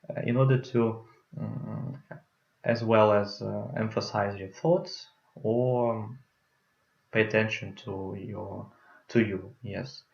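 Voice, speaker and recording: A man's voice: fairly low pitch, gravelly. A young man with a Russian accent giving a hesitant conference talk on public speaking, with many fillers. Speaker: student presenter. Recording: roomy, muffled lo-fi sound.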